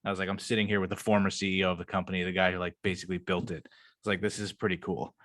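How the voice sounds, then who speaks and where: A young man with a fairly low voice talks through a casual podcast chat, rambling loosely and dropping plenty of swear words. The sound is dry and close, with no room echo. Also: little pitch movement, racing, a bit bright. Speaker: podcast co-host.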